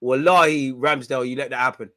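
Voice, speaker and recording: Bright, slangy man commentating live. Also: medium pitch, steady tone, fairly quick. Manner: slangy banter, frequent laughing asides; reacts loudly to goals and chances. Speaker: watch-along host. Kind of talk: live football watch-along commentary.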